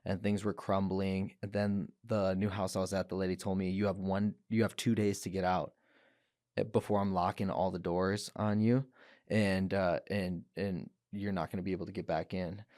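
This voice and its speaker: Earnest young man, low voice, dry close sound. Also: little pitch movement, moderate pace, a little mellow, dry recording. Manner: earnest, many restarts, quotes others' words. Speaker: guest, professional fighter. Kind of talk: emotional personal testimony. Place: podcast studio.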